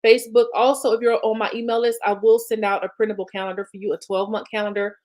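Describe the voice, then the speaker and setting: A woman's voice: mid-range voice, flat delivery, fast talker, darkish tone. A woman business coach, talking viewers through planning in a chatty, encouraging way. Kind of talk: live-streamed coaching talk.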